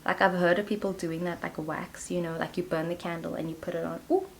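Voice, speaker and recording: A woman's voice: fairly low pitch, steady tone, brisk, a little hiss or hum. A woman reading tarot cards for her viewers in a chatty, giggly way, peppering her talk with 'like'. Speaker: tarot reader. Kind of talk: casual pick-a-card tarot reading.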